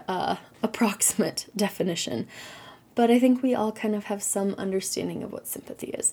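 A woman in her thirties hosting a podcast, talking gently and reflectively about faith and parenting, often dropping to a breathy near-whisper. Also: medium pitch. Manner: reflective, gentle, with small laughs. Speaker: podcast host. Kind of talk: casual faith-based parenting talk.

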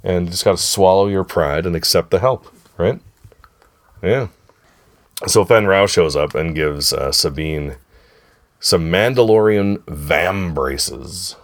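A man with a sore, froggy throat hosts a relaxed podcast chat with kids. His voice sits very low and sounds hoarse, and he keeps checking whether the others remember. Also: slow pace, pauses often. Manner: chatty, keeps asking the listeners if they remember. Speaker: podcast host. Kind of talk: casual discussion with kids.

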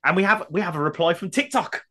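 Animated man, lively pitch. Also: fast talker. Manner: laughing often, animated storyteller. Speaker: podcast co-host. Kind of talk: casual chat.

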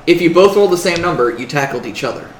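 High, lively man running a tabletop game. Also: fast talker, echoey room, a little hiss or hum. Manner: animated, joking, laughs often. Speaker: game master.

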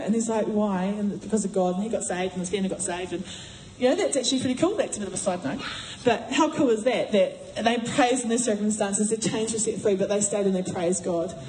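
Warm-voiced woman preaching in an echoey room. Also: medium pitch, a little fast, a little hiss or hum. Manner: chatty and animated, acts out voices in stories. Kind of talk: sermon.

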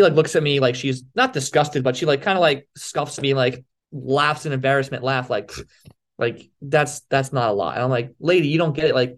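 A young man from the Philadelphia area telling stories as an interview guest, lively and acting out the other people's lines. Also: medium pitch. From Philadelphia area, USA. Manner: animated storyteller, acts out quoted dialogue. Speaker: guest, balancing performer. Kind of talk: casual storytelling interview.

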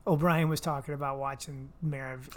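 A man's voice: mid-range voice, fairly even intonation, normal speed. A man from the Philadelphia area co-hosting a podcast in casual chat, rambling and joking, often trailing off mid-sentence. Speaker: podcast co-host.

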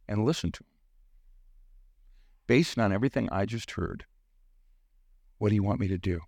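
A middle-aged man delivers a sermon in a lowish, steady voice, recorded close and dry. He carries the message through personal stories, lifting his voice sharply whenever he acts out what someone said. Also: normal speed, creaky, dry recording. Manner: storytelling, acts out quoted voices with sudden lifts. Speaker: preacher on a church teaching team.

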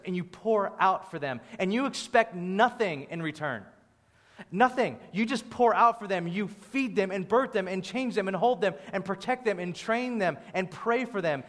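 A young male pastor delivers a sermon in a chatty, animated way, tossing in playful asides. His voice sits a little high. The sound has a long hall reverb, as in a church sanctuary. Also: normal speed.

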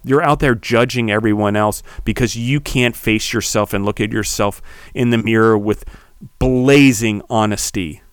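A man's voice: lowish voice, fairly even intonation, moderate pace, clear, resonant tone, no echo. Fired-up man preaching on a podcast. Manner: heated, preachy, swears, builds to shouting. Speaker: podcast host. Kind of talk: impassioned solo podcast monologue.

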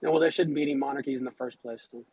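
A man's voice: mid-range voice, fairly even intonation, racing, a little mellow, slightly rough, low-quality recording. A man from Canada in casual podcast chat, wry and tongue-in-cheek, often stopping and restarting his sentences.

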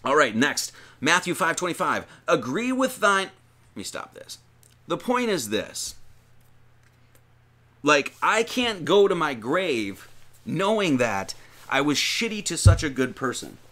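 A man preaching in a loose, conversational way, reading old verses and then breaking them down with questions to his listeners. His voice swings up and down in pitch and sounds bright and sharp. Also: slow, long pauses. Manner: animated, slangy, reads verses then riffs with rhetorical questions. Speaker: lay preacher. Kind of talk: informal sermon on scripture.

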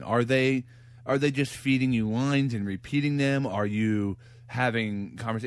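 A man's voice: mid-range voice, dry recording. A man interviewing a guest, stacking several questions into one long turn. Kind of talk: casual interview.

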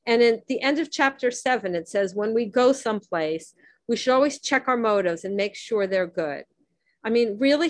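A woman's voice: on the high side, dry recording. A woman hosting a recovery podcast, explaining a text in an earnest, conversational way with wry sarcastic asides. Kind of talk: teaching talk on a recovery text.

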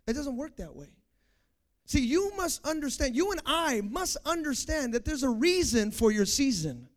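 A young man preaching a sermon to a congregation, repeating key phrases, calling for responses and swinging from quiet talk to shouts. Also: very high voice, sing-song, normal speed. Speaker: pastor.

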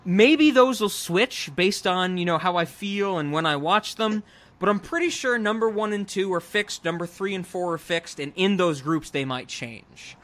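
A young man talks films on a podcast in a high, bright, forceful voice. He gushes with open enthusiasm and drops swear words freely. His style is loose and conversational. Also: lively intonation, normal speed. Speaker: podcast co-host. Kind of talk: casual film discussion.

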